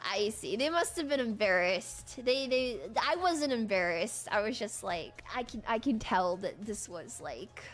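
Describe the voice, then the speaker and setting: A young woman chatting casually, rambling with lots of "like" and restarts in a deadpan way. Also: on the high side, unhurried, hardly any pauses, soft background music. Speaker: streamer guest. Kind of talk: casual chat.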